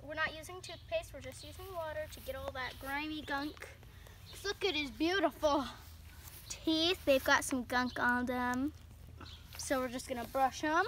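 A woman's voice: sits high, moderate pace, a bit bright, slight background noise. A woman vlogging casually outdoors while washing her dog, chatting to viewers with rambling asides. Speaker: pet vlogger. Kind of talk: casual vlog talk to camera.

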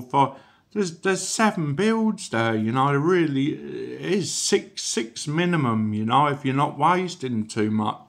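A man's voice: mid-range voice, fairly bright tone. A man giving a casual, rambling product review, chatty and full of asides. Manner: rambling, chatty, peppered with "you know".

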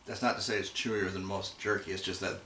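A man co-hosting a casual taste-test chat, relaxed and thinking aloud as he compares flavors. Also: deep voice, fast. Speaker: co-host. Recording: roomy room, mic a bit far, faint noise.

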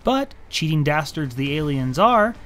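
Man, from the US, game commentary, dry jokes, slightly high voice, faint music behind. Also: big pitch swings, a little slow, a bit bright. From United States. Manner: wry, self-mocking. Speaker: let's play host. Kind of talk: gameplay commentary. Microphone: new studio microphone.

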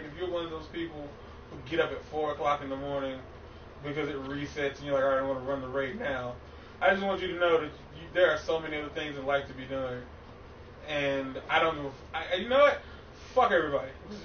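A man streaming a game, ranting in frustration with heavy cursing. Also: on the high side. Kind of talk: ranting gameplay stream chat. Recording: echoey, distant, muffled stream audio with faint noise.

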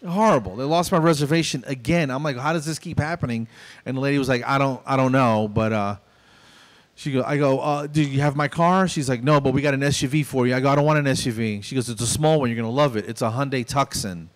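A man in his fifties performs stand-up on a small club stage, telling stories and playing both sides of each exchange. He speaks fast in a mid-range voice.

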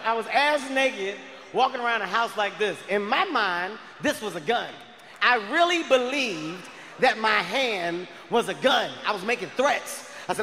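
A man doing a stand-up comedy routine on stage, animated and shouting his punchlines as he acts out scenes. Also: sits high, normal speed. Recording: live arena recording with long reverb and faint noise.

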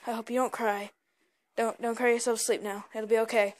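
Brief: young woman, a bit high-pitched, hyper and rambling with stammered repeats, casual vlog. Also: flat delivery, a little fast. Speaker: vlogger.

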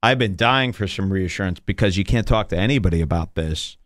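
A man's voice: low voice, a little fast, no echo, studio quality. A man hosting a podcast, telling a rambling story in casual chat and swearing freely. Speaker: podcast host.

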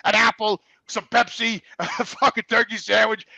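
A man's voice: sits high, little pitch movement, moderate pace, gravelly, pushed and bright, dry recording, dull audio. A middle-aged man, a truck driver, telling long blunt stories with constant swearing in a rambling, casual way. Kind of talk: casual storytelling.

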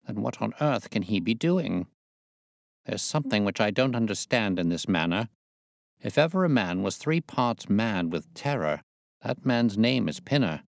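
A man voicing a sharp, calm detective who asks quiet, clipped questions. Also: lowish voice, normal speed, vocal fry, dry recording, studio quality, pitched above the performer's own voice. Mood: hushed.

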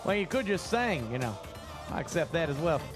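A man streaming a pirate game as ship captain, bossing and cheering on his crew in excitable, loud banter. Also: fairly high pitch, a little fast. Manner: bossy, excitable, yells orders at crew. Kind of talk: excited casual gaming banter. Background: game music.

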